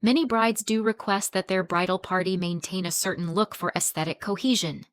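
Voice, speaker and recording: A poised hairstylist with a cool, neutral delivery, as a woman narrator puts her on. Her voice sits at an ordinary pitch in a dry, close recording. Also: brisk, smooth, no room sound, close to an everyday voice. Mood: composed.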